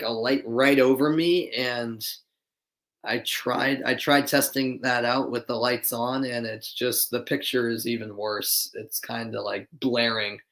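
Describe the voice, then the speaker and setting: A man's voice: medium pitch, a bit bright. Chatty man calling a ballgame live. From Boston, USA. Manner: chatty, replies to live chat viewers between plays. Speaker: amateur play-by-play commentator. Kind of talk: live play-by-play commentary with chat asides. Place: dimly lit room at home.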